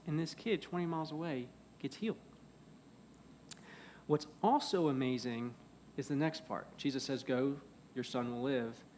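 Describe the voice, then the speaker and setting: A pastor preaching a sermon in a church, earnest, moving between loud emphasis and hushed pleading. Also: male voice, medium pitch, a little hiss or hum. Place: church sanctuary.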